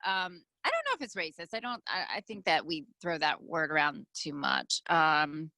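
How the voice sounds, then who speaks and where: A woman co-hosting a podcast gives blunt, opinionated takes in casual bickering chat, hesitating with frequent ums. Her voice is low with big pitch swings, bright and forceful, at normal speed in a dry recording.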